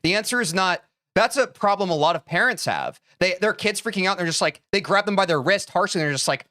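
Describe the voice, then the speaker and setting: A man's voice: high-pitched, expressive, fast, few pauses, bright, forceful tone. A young man streaming live and talking to his chat in a heated, preachy way, speaking straight to them. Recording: gaming stream with music behind. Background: music.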